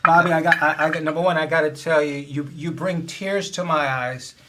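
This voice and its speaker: A man's voice: on the high side, steady tone, a little fast, crowd noise. A male talk-show host, effusive and full of praise in casual interview chat. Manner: effusive, keeps asking "you know what I'm saying".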